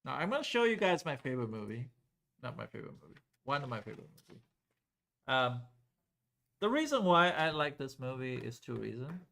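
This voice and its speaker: A man's voice: mid-range voice, big pitch swings, a little fast, gravelly, a bit bright. A man teaching calculus to a live class in a loose, conversational way, often checking whether students follow.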